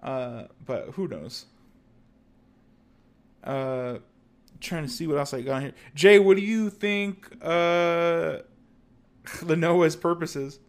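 A man co-hosting a podcast, chatting loosely and stopping to hunt for words. His voice sits a little higher than most men's. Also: slow, pauses often. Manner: chatty, loose, many fillers and restarts. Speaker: podcast co-host. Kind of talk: casual chat.

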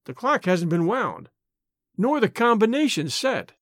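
A man voicing an old banker who speaks shakily and calls out loudly in alarm. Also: sits high, very animated, no echo, studio quality, pitched above the performer's own voice, heavily acted. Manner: shaky, loud, slow calling out. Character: old male banker, proud, shaken.

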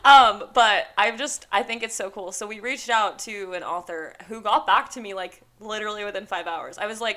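A young woman co-hosting a book podcast in casual chat, bubbly and quick to laugh. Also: mid-range voice, sharp tone. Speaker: podcast co-host.

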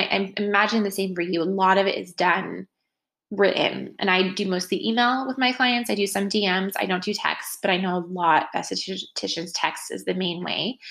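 A woman's voice: mid-range voice, gravelly, a bit bright. An American woman in her thirties hosting a podcast, chatting casually and acting out the voices she quotes. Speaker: podcast host for estheticians. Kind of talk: casual solo podcast talk.

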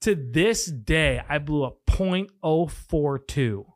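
A man's voice: fairly high pitch, takes it slowly, dry recording, studio quality. A man telling a story as a podcast guest in casual chat, swearing freely and acting out the other people's voices. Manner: profane, animated, acts out voices in stories.

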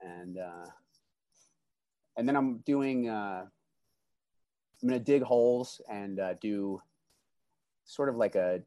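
Man, slightly low voice, laid-back slangy chat, dry close mic. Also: takes it slowly, long pauses, mellow, dry recording. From California. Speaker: greenhouse grower. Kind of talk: casual podcast chat.

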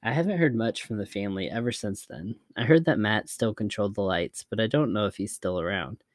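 A man narrating scary stories in a measured, even storytelling manner. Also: lowish voice, no room sound, clean studio sound.

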